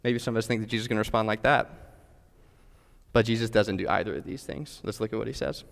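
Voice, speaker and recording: A man's voice: lowish voice, quick pace, gravelly. A man preaching a sermon, earnest and direct, putting questions straight to his listeners. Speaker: pastor. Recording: long hall reverb.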